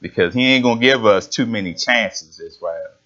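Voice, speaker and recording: A man's voice: on the low side, moderate pace, fairly bright tone, lo-fi sound. A man preaching a sermon in an emphatic, conversational way, reading scripture aloud and explaining it.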